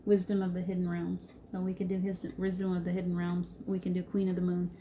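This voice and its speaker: Soothing low-voiced woman, spiritual host. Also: monotone, a little fast, a little hiss or hum. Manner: soothing, reassuring, laughs easily, chats warmly with viewers by name. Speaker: spiritual card reader hosting a live reading. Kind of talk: gentle encouraging spiritual talk to live viewers.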